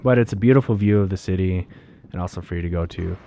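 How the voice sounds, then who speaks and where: Man, travel vlogger, low voice, mellow tone, rambling casual storytelling. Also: fast talker, a little hiss or hum. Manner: rambling, laid-back, many fillers and restarts.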